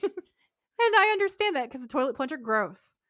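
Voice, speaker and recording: A woman co-hosting a podcast, recapping a TV episode in casual, animated chat and swearing freely. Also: high-pitched, moderate pace, dry recording, clean studio sound. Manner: animated, swearing, laughing storyteller. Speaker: podcast co-host.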